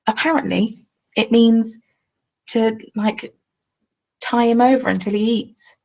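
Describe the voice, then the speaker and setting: Chatty southern English woman, gravelly edge. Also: on the high side, fairly even intonation, slow pace, long pauses, darkish tone, poor audio. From England. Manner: chatty, jokey, reads viewer comments aloud. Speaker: craft vlogger. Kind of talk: casual live-stream chat. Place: at home, seated. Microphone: webcam.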